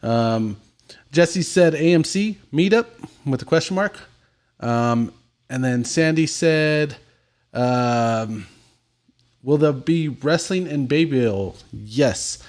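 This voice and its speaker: A man's voice: mid-range voice, expressive, takes it slowly, darkish tone. Easygoing man reading live comments. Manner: joking, easygoing, thanks viewers. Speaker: podcast host.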